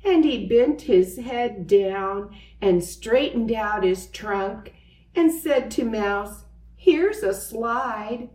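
Slow, expressive woman reading aloud. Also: medium pitch, recorded from a distance. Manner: slow, expressive, with sound effects. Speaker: storyteller. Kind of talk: reading a picture book aloud. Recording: roomy, away from the mic.

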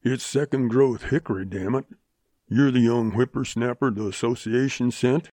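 A man voicing a grumbling, irritable old one-legged rancher with a gruff western drawl. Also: medium pitch, measured pace, dark tone, dry recording. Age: older.

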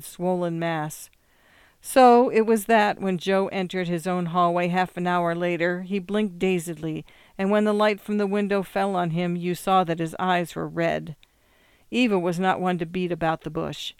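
A narrator reading a story aloud in a measured, expressive way. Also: mid-range voice, clear, resonant tone, dry recording, clean studio sound. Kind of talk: audiobook reading.

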